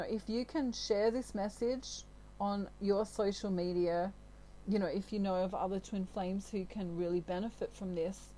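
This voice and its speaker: A woman's voice: mid-range voice, darkish tone, rough recording. A woman with an Australian accent giving a casual, rambling tarot reading in a chatty, giggly way. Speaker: tarot reader.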